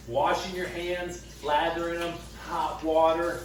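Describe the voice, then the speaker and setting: A young man coaching an upbeat class with a voice a little higher than most men's. He counts reps and keeps checking in with "all right?". He is recorded from a few steps off the mic in a very echoey room, with faint room noise behind him. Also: a little slow, a bit bright, distant mic. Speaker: PE teacher leading a workout and recipe. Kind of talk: energetic class instruction. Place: indoors, gym then home kitchen.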